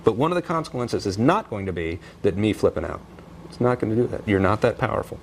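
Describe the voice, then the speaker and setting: Fast, animated man explaining parenting. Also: fairly low pitch, creaky, a little hiss or hum. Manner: energetic, animated, acts out parent and kid voices. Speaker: parenting author and speaker, guest. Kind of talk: TV news interview.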